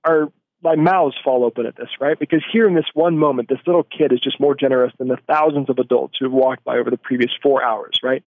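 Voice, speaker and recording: A thoughtful man recalls his experiences in an earnest, searching way, often pausing and restarting. He speaks at a middling pitch. The sound is dry and thin, like a phone line. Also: steady tone, no echo. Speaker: interviewee. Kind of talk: reflective storytelling.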